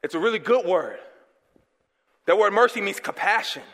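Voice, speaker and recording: A young man preaching a guest sermon, calling out questions for the congregation to answer and swinging between loud, fervent bursts and hushed, soft passages. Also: high-pitched, expressive, moderate pace. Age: young adult. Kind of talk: call-and-response sermon. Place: church sanctuary. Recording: long hall reverb in a church.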